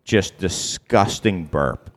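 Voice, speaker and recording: A man's voice: sits low, slow pace. A man hosting a podcast, chatting casually and rambling through a movie recap with frequent laughs. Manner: rambling, laughs often, recaps scenes with quoted lines. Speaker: podcast host.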